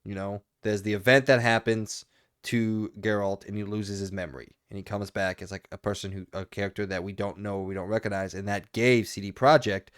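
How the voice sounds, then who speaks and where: Low-voiced man, casual podcast co-host. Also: brisk, no room sound, clean studio sound. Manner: animated, rambling, frequent laughs. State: hiccuping.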